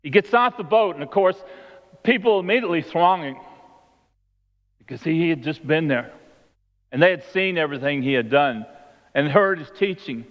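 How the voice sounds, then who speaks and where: Preacher in a reverberant church hall. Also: male voice, a little high, lively intonation, moderate pace, pauses often. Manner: storytelling, acting out the voices of the people in the story. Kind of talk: sermon. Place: church sanctuary. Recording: long hall reverb, dull lo-fi sound.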